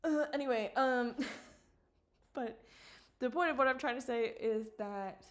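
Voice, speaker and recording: Animated, swearing woman streamer. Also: a little high, a little slow, soft background music. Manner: animated and swearing, with mock outrage. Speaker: indie animator streaming live to viewers. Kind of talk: casual live-stream chat.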